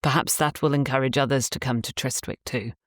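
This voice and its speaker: A woman reading a charming gentleman landowner. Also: a bass voice, steady tone, fairly quick, no echo, clean studio sound. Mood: courteous. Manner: polished, courteous speech.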